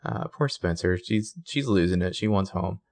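A man's voice: deep voice, moderate pace, a little mellow, no echo. A man co-hosting a casual TV recap podcast, chatting with dry, sarcastic asides. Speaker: podcast co-host.

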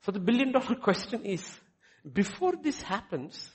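Animated man preaching a sermon. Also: sits high, moderate pace, husky. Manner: preaching with rising emphasis and rhetorical questions. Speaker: pastor.

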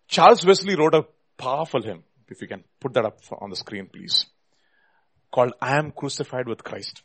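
A man preaching a sermon, reading scripture and hymn verses with rising, swelling emphasis and dropping to quiet asides to his listeners. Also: medium pitch, animated, a little slow, husky. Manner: addresses listeners as "my dear brothers".

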